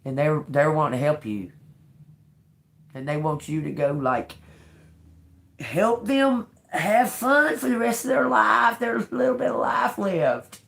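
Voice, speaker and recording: A woman's voice: on the low side, lively intonation, a little slow, gravelly, a bit bright. A woman giving a live-streamed tarot reading, emotional and blunt, swearing freely. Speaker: tarot reader.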